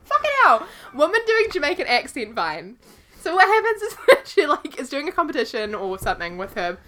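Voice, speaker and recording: Lively giggly woman co-hosting a chat. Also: high voice, brisk, slight background noise. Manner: giggly, teasing, laughs often. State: recovering from illness. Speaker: podcast co-host. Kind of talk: casual chat.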